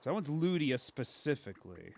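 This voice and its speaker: A man's voice: mid-range voice, very animated, creaky. Chatty man streaming a game. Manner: chatty, thinking aloud, quick asides. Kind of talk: casual gameplay commentary.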